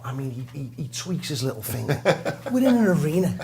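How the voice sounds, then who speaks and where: A man from Liverpool with a Liverpool accent, a guest drummer telling a lively, self-mocking story in an interview. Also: mid-range voice, brisk, creaky. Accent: Liverpool English. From Liverpool, England.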